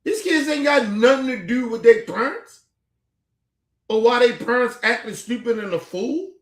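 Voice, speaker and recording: A man's voice: extremely high pitch, expressive, moderate pace. A man giving casual, profanity-laced reaction commentary as a streamer, sounding exasperated. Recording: echoey room.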